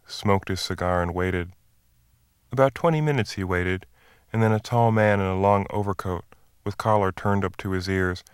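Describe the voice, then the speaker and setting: A man narrating a classic short story in a measured, even reading voice. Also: deep voice, clear, resonant tone, dry recording, studio quality.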